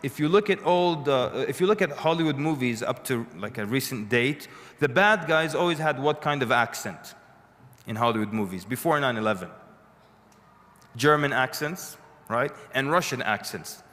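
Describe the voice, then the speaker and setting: A man's voice: mid-range voice, lively intonation, moderate pace, a bit bright. Guy giving a talk to an audience, chatty storyteller, dry jokes, long hall reverb. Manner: conversational storytelling with dry humorous asides. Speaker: speaker addressing an audience. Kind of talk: lecture to a live audience.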